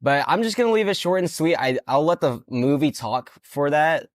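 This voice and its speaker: A man's voice: on the high side, expressive, normal speed, no echo. Laid-back young man, slangy, dry. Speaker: podcast co-host. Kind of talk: casual chat.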